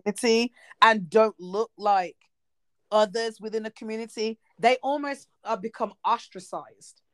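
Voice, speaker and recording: A woman in her thirties chatting casually on a talk show, animated and expressive, with quick asides. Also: fairly high pitch, no echo, clean studio sound. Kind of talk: casual chat.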